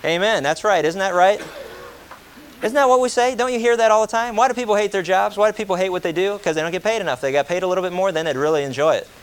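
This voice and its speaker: A man preaching a sermon, animated and joking, firing rhetorical questions at his congregation. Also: high voice, fast talker, clear, resonant tone. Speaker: pastor.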